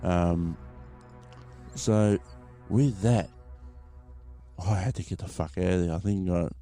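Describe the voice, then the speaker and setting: Deep-voiced rambling podcast host. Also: male voice, takes it slowly, warm tone, faint music behind. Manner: rambling, swears freely, addresses listeners as mate. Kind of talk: casual storytelling monologue.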